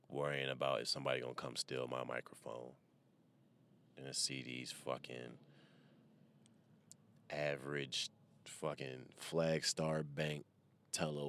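Parked in his car, a man with a very deep, low-pitched voice riffs casually into a mic. The monologue wanders and is full of wisecracks and swearing, in the style of a comedian running his own podcast.

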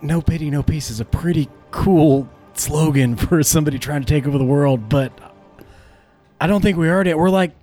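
A man's voice: fairly high pitch, moderate pace, dark tone, soft background music. A man playing a character in a tabletop game, joking and hesitant, with filler words. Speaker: player. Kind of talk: tabletop role-play banter.

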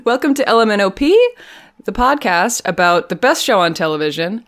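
A woman's voice: medium pitch, lively intonation, a little fast, heavy background noise. A woman hosting a podcast in casual chat, laughing often between remarks. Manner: giggly, chatty. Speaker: podcast host.

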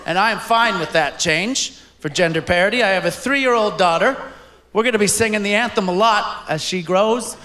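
A man doing stand-up before a live audience, shouting out his punchlines. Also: high voice, normal speed. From Canada. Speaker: stand-up comedian. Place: stage in a large room with an audience. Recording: echoey live recording with crowd noise.

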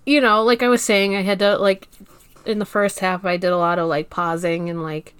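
A woman in a casual podcast chat muses over her reactions, pausing and hedging as she gathers her thoughts. Her voice sits at an ordinary pitch and comes across dry and close, with no room echo. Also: little pitch movement, a bit bright, smooth. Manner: musing, hesitant, laughs easily. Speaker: podcast co-host.

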